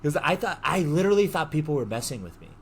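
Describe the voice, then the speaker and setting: A young man co-hosting a podcast, telling a story in an animated way, laughing and swearing as he goes. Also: fairly high pitch, fast, a little hiss or hum. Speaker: podcast co-host. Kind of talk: casual storytelling chat.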